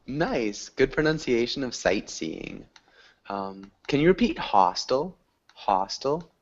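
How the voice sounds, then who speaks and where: A man's voice: mid-range voice, very animated, slow. A man teaching an online English class over a video call, encouraging students and praising their pronunciation. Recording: dull lo-fi video call audio.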